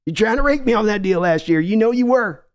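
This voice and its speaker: A man's voice: high-pitched, expressive, fast, voice pushed up. A man doing a pushy Texan team owner. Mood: pushy, folksy. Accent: Texan, put on. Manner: folksy, wheedling, bossy drawl. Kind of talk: comedic impression skit.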